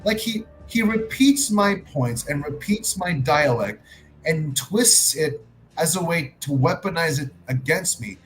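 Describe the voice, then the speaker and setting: A man's voice: on the high side, animated, a little slow, soft background music, rough recording. Argumentative male streamer. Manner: argumentative, with frequent restarts and swearing. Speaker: livestream host. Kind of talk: casual livestream commentary.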